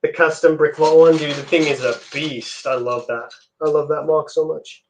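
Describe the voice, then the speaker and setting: A man's voice: a little high, moderate pace. A young man hosting a live stream, chatting casually with viewers while he builds. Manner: relaxed, chatty, answers chat messages.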